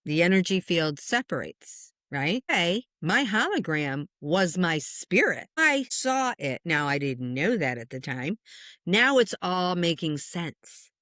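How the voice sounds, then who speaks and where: A woman who works as a spiritual medium, a guest telling stories in an earnest, passionate, animated way. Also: on the low side, takes it slowly, dry recording, studio quality. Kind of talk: conversational interview storytelling.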